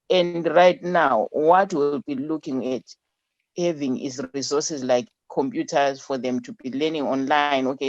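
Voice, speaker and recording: A woman who founded a charity speaks as a guest over a remote line. Her talk is halting, full of restarts and repeated words. The sound is dull and lo-fi, with no room echo at all. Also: low-pitched, a little mellow. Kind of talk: remote radio interview.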